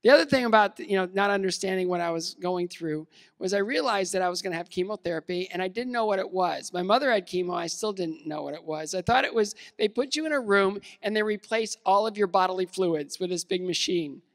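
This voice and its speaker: A man's voice: sits high, brisk. A man in his fifties from the United States giving a motivational keynote talk, casual and self-deprecating, with many fillers and restarts. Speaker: keynote speaker. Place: large event hall. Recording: long hall reverb.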